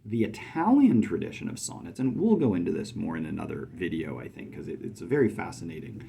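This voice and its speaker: A man gives a poetry lesson in a low, husky voice. He speaks thoughtfully, with many fillers, and chants the rhythms to show where the stresses fall. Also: very animated, fast, mellow. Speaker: poetry teacher. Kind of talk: video lesson.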